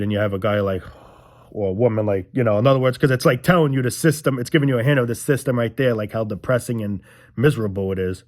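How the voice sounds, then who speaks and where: Young guy venting to his viewers, rambly and annoyed, cusses a lot, regular mid-pitch voice. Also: a little mellow. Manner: frustrated, rambling, swears often. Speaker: vlogger. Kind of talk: casual rant to camera.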